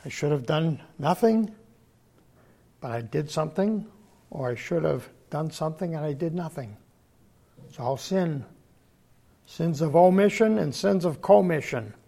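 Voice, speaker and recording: An older man preaches a sermon in a high, gravelly voice worn hoarse and husky. He keeps clearing his throat, pushing some phrases out loudly and dropping others to a low mutter. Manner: frequent throat clearing, swings between loud emphasis and low murmurs. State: voice failing, hoarse.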